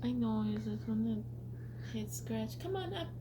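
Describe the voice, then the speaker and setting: A woman's voice: a little high, expressive, moderate pace. A woman at home coaxing pet birds and bantering playfully about them. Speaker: pet bird owner. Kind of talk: casual home video chat. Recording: home recording with clear hum.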